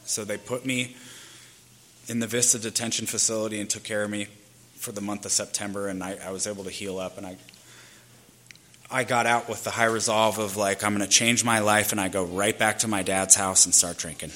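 A man's voice: fairly low pitch, fairly even intonation, a little fast, pushed and bright, a little hiss or hum. A man in his thirties candidly telling his own life story in a loose, rambling way, peppered with fillers. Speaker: speaker sharing his recovery story.

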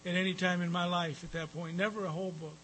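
Man speaker at a recovery meeting, high bright voice, rambling storytelling with fillers and cussing. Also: little pitch movement, fast talker, slight background noise, poor audio. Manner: rambling, with frequent fillers and profanity. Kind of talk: personal storytelling talk.

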